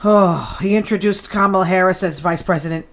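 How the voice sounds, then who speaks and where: A woman hosting a show in casual chat, sassy and quick to tease. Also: fairly low pitch. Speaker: show host.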